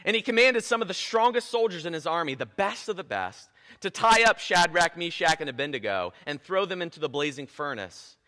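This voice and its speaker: Animated male preacher in an echoey hall. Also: a little high, brisk, few pauses. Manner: animated storytelling with playful asides. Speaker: pastor. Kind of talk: sermon. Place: church.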